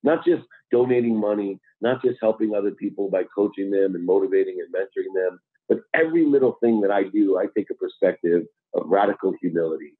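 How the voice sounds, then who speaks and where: A man's voice: deep voice, brisk, few pauses, no room sound. A man guest on a podcast, talking earnestly and a bit preachily about service and humility. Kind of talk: motivational interview talk. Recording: tinny phone-like line.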